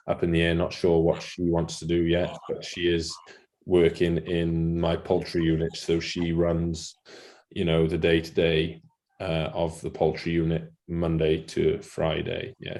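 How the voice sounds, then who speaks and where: A young Welsh farmer, a native Welsh speaker from mid Wales, chatting as a podcast guest with a Welsh accent and lots of ums and restarts. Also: male voice, low-pitched, vocal fry, a little mellow. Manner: hesitant, with many ums and restarts. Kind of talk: casual interview chat.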